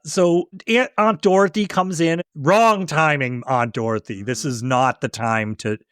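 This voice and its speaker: A man co-hosting a podcast, calmly walking through a film's scenes one by one. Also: on the high side, measured pace, smooth, no room sound, clean studio sound. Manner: relaxed, recaps scenes step by step. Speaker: podcast co-host. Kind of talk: casual film discussion.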